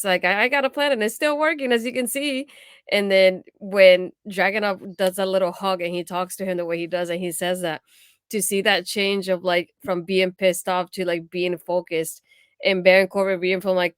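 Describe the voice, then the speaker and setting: A woman's voice: on the low side, clean tone, no echo, studio quality. A woman co-hosting a podcast, chatting casually and relaxedly with lots of filler words. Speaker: podcast co-host. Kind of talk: casual chat.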